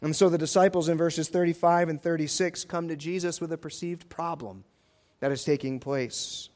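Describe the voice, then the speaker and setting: A man with a notably high voice delivers a sermon as pastor. He drives his points home through repetition and emphasis. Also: steady tone, moderate pace, a little mellow.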